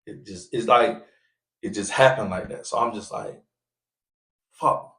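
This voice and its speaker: A man telling a story on a casual podcast, acting out the people he quotes in loud, raised voices. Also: fairly low pitch, measured pace. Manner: animated, acts out quoted voices loudly. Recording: echoey room.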